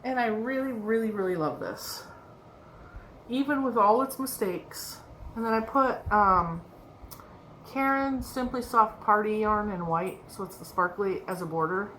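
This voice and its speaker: A woman's voice: mid-range voice, measured pace, fairly bright tone. A woman vlogger in a casual show-and-tell chat about her crochet projects, rambling and laughing often. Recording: echoey room with faint background noise.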